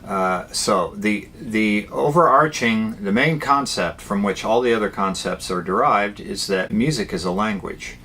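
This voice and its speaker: Slow, low-voiced man teaching guitar. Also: sharp tone, slight background noise. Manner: unhurried, plainspoken, with fillers. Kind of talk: guitar lesson, explaining and demonstrating. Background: guitar playing between phrases.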